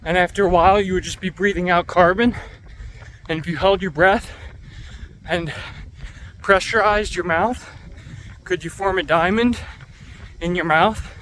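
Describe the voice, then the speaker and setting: This running vlogger has a high, slightly bright voice with a steady tone, and he speaks a little slowly. Out of breath in the heat of the city streets, he jokes and chats to his handheld camera, with slight noise behind him.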